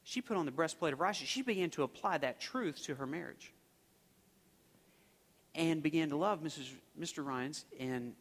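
A man's voice: fairly high pitch, lively intonation, normal speed. Male preacher, conversational and rambling, reverberant sanctuary sound. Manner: conversational, rambling with restarts and fillers. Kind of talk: storytelling sermon. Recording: long reverb of a large hall.

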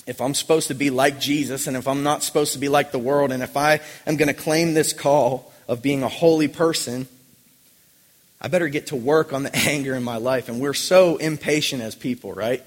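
A man's voice: mid-range voice, steady tone, brisk, long reverb tail. A man preaching a sermon as pastor. He presses his listeners with earnest rhetorical questions.

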